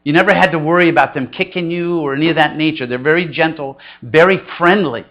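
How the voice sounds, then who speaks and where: A man's voice: fast, fairly bright tone, lo-fi sound. A middle-aged man preaching a conversational sermon, telling funny stories and acting out quoted voices. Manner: storytelling, conversational and humorous; acts out quoted voices with big pitch jumps. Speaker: pastor.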